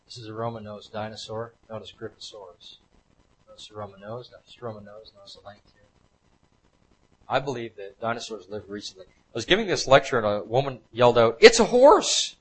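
A man's voice: on the low side, fairly even intonation, brisk, slightly rough, poor audio. Emphatic man giving a slide lecture. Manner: emphatic, repeats points over and over. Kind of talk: slide lecture to a live audience.

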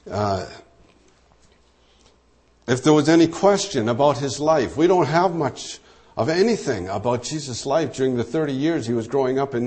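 Man preaching a measured sermon. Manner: measured, explanatory, drops low and soft when quoting. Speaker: pastor.

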